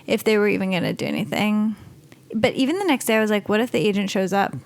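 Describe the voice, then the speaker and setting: A woman's voice: mid-range voice, quick pace, gravelly, no echo. Chatty young woman telling a story. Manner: animated storytelling with many fillers. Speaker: podcast co-host. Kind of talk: casual chat.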